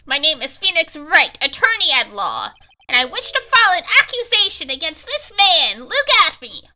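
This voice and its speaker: A woman's voice: high voice, very animated, moderate pace, bright, forceful tone, pitched above the performer's own voice, heavily acted, poor audio. A woman voicing an earnest young male defense lawyer in a game, reading his lines in a formal, declaring way.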